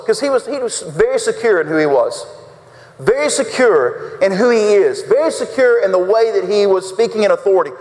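A male pastor preaching a folksy sermon, acting out quotes with big swings in his voice. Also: a little high. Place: church sanctuary. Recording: reverberant church sanctuary.

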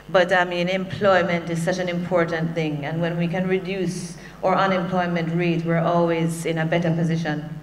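Jamaican lady presenting at a workshop, chatty, jokes on the side, long echo from the hall, faint hum behind. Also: on the low side. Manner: conversational, with humorous personal asides. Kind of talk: conference speech.

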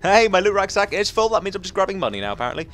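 Guy doing lets play commentary, rattles along fast, talks to himself, faint music under. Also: high-pitched. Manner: chatty, excitable, talks to himself. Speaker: gaming commentator.

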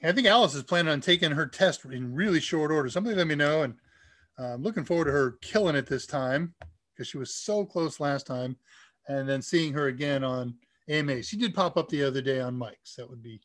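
A man's voice: on the high side, a little fast, fairly bright tone. A man with a nasal voice from the US Midwest, hosting a casual live Q&A stream and chatting keenly about tech.

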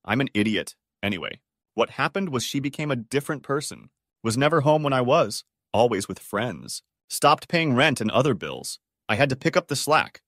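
A man reading online stories aloud as scripted narration, steady with sudden pitch jumps. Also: normal speed, no room sound, clean studio sound.

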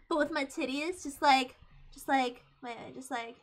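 A young woman in her twenties chatting casually on a live stream, giggly and hyper, getting loud when excited. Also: sits high, unhurried, long pauses. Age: 20s.

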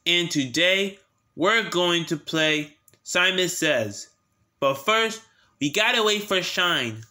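A friendly young tiger boy from a children's cartoon, voiced by a man, with a bright, crisp tone. He speaks in an unhurried, sing-song way, each word drawn out for small listeners. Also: high-pitched, expressive, exaggerated voice. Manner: sing-song, gentle, very slow and careful. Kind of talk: fan imitation of a children's cartoon.

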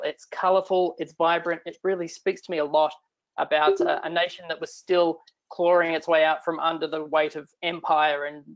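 A man's voice: fairly high pitch, creaky. A middle-aged man with an Australian accent giving a chatty, irreverent online talk from home. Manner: chatty, irreverent, self-deprecating. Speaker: guest speaker.

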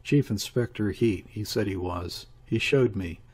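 A man's voice: fairly low pitch, a little slow, a little mellow, husky. A man reading the part of a desperate, grieving woman in an audiobook, speaking in a listless, weary, murmuring way.

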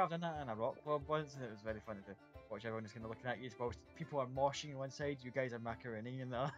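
A man's voice: mid-range voice, fairly bright tone. A man narrating as game master in a casual, rambling way, laughing easily, in a muffled lo-fi recording with faint music behind. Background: faint background music.

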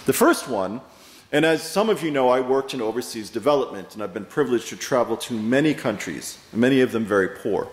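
A male pastor preaching a sermon, telling stories in a measured way with pauses and stressed words. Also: medium pitch, animated. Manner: measured storytelling with pauses and emphasis. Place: church sanctuary. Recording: echoey hall with long reverb.

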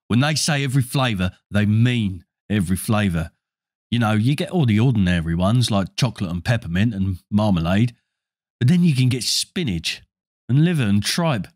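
In clean studio sound with no echo, a man reads aloud, voicing a storybook's young boy wizard who is easygoing, chatty and a bit scornful. His voice sits on the low side and a little mellow, with lively intonation at normal speed, and the delivery is casual and offhand.

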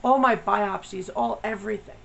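A woman's voice: medium pitch, moderate pace, creaky, fairly bright tone, highs cut off. A woman vlogger talking candidly, blunt and profane, venting her frustration. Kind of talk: candid personal vlog.

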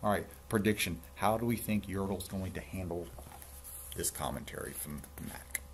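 Brief: casual male storyteller for kids, low voice, joking asides between lines. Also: expressive, normal speed, noisy background. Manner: chatty, playful asides to kids. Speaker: storybook reader for children. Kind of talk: reading a picture book aloud with asides.

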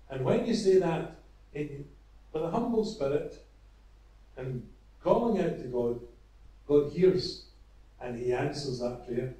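A man preaching an evangelistic sermon, retelling a parable earnestly with halting restarts. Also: a little high, expressive, mellow. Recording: echoey, from far off.

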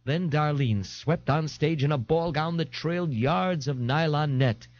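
A man narrating an audiobook in an expressive, dramatic reading. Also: a little high, a little slow. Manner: expressive, animated. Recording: dull lo-fi 1980s audiobook tape.

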